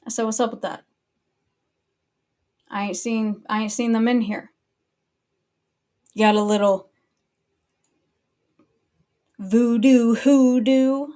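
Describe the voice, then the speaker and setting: A woman's voice: mid-range voice, flat delivery, measured pace, long pauses, a little mellow. Annoyed woman ranting casually. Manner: annoyed, blunt, swears freely. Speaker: online commentary host.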